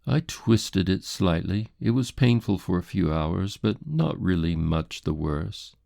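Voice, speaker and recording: A man's voice: low voice, animated, unhurried, vocal fry, mellow, dry recording, studio quality, pitched above the performer's own voice, full character voice. A man voicing a haughty, indignant English society lady who speaks in a prim, defensive, formal way.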